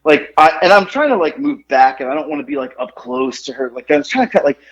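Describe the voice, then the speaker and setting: Animated rambling man telling a story. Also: fairly high pitch, fast talker, lo-fi sound. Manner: animated, rambling, lots of "like" and restarts, laughs at his own story. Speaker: podcast co-host telling a story. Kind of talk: casual storytelling chat.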